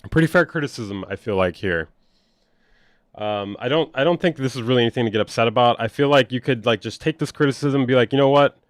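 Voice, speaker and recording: With a quick pace and an everyday mid-range voice, a young producer-streamer dissects online drama, swearing often and staying blunt and sarcastic. The audio is dry and close-miked, free of room echo.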